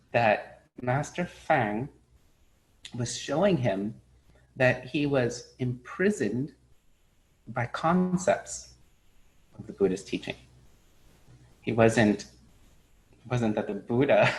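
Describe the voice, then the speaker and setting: Brief: middle-aged male dharma teacher, mid-pitched, lively storyteller. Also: slow, pauses often, low-quality recording. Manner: animated storyteller, acts out characters' lines. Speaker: Buddhist teacher. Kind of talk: spoken dharma talk with storytelling.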